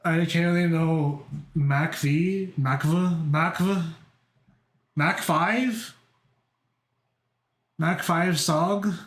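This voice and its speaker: Rambly excitable guy streaming, kinda high voice, lots of swearing, echoey room. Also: extremely slow, pauses often. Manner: rambling and excitable, heavy swearing and filler words. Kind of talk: casual chat with stream viewers.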